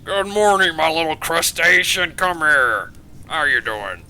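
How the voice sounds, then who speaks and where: A man's voice: medium pitch, normal speed. A man voicing a doting, folksy king who is father to the princesses. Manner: loud, affectionate, folksy.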